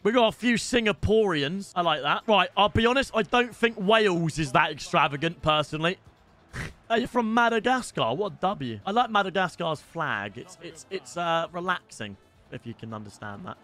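Young british lad streaming, swears a lot, highish voice, faint music behind. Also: male voice, normal speed. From Britain. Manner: swearing, excitable outbursts, chats to viewers. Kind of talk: casual game stream chat.

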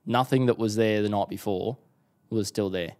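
A man's voice: on the low side, moderate pace. A young Australian man telling a personal story in a casual interview, acting out what people said. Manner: animated storyteller acting out quotes. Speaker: guest.

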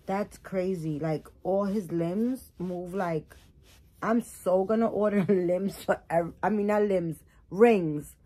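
A woman's voice: fairly low pitch, dark tone. A woman doll collector vlogging casually as she unboxes a new doll, rambling and emotional as she gushes over it.

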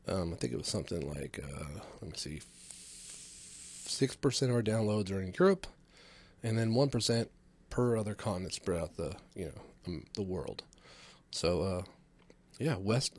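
A man's voice: mid-range voice, a little mellow, dry recording. Rambling, profane male podcast host, dry close mic. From California. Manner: rambling, loose and profane with filler words. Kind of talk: casual comedic monologue.

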